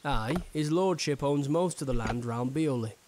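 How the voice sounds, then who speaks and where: An actor playing a gruff woodcutter foreman in a narrative game, with a Northern English accent and a blunt, curt manner. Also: mid-range voice, normal speed, a little mellow, slight background noise, lightly acted. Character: gruff working-class woodcutter foreman, middle-aged.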